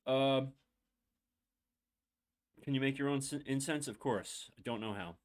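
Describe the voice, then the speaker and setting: Holding back tears, a young man on his podcast tells a long personal story, candid and meandering, with many fillers and side remarks. His mid-range voice moves a little slowly.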